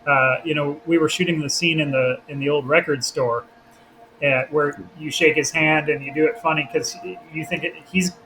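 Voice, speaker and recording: A man hosts a podcast, and his voice sits on the higher side. He chats casually, acting out quotes and laughing often. A faint hiss runs under the recording. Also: fairly even intonation, moderate pace, pushed and bright, rough recording. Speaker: podcast host and filmmaker.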